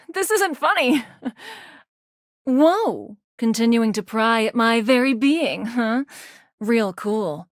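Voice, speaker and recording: A brash, flirty game vixen. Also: female voice, fairly high pitch, dry recording, clean studio sound. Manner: teasing, sarcastic, swings to insecure. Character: brash flirty self-centered female game character. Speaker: voice actor. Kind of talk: video game character dialogue. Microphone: studio microphone.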